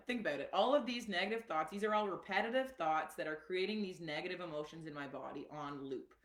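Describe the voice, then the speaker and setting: Woman wellness coach, live-stream talk, chatty, lowish voice, roomy echo. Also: quick pace, few pauses. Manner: chatty and animated, with many fillers and asides. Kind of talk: casual live-stream teaching.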